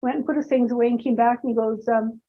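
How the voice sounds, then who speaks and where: A woman with a bright, high voice leads a seminar, weaving playful personal anecdotes into her teaching and tossing asides to the audience. The recording sounds dull and lo-fi. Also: steady tone, fast talker. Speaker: presenter and personality trainer. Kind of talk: humorous storytelling seminar talk.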